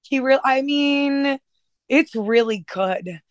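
A woman guest on a food podcast, telling animated stories in casual chat and swearing freely. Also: sits high, takes it slowly, no room sound, muffled recording.

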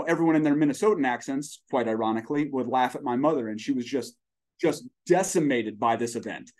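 A man's voice: medium pitch, darkish tone. A man in his forties, a startup CEO guest on a podcast, talking in an expansive, folksy way with long storytelling tangents. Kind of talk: conversational podcast interview.

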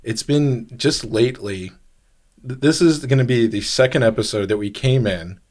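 A man co-hosting a casual podcast, talking at an ordinary pitch. He rambles and often restarts his sentences mid-thought. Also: normal speed, a little mellow. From grew up overseas. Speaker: podcast co-host.

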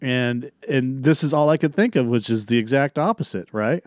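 A man's voice: medium pitch, normal speed, no room sound, clean studio sound. A man hosting a movie review podcast in casual chat, rambling and profane as he tells stories. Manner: rambling, profane, animated storytelling. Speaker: podcast host.

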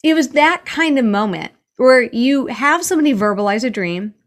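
A woman's voice: on the high side, expressive, moderate pace. An earnest woman author telling stories as a guest, often restarting her sentences. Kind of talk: conversational interview.

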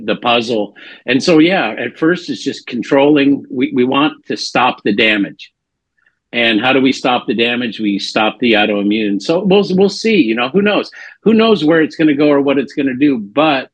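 A man co-hosting a podcast in casual chat, tired and reflective, speaking haltingly and often repeating words. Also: medium pitch, no echo, muffled recording. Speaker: podcast co-host.

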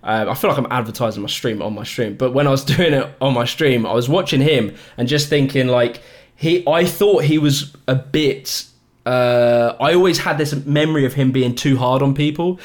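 A man's voice: mid-range voice, normal speed. A British man chatting casually as a podcast guest, rambling a bit and laughing often. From Britain. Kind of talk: casual chat.

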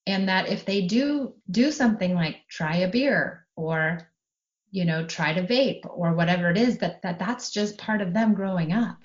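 A middle-aged woman talking about parenting in a casual podcast conversation, calm and steady, explaining her view at length. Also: lowish voice, normal speed. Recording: slightly dull, lo-fi sound.

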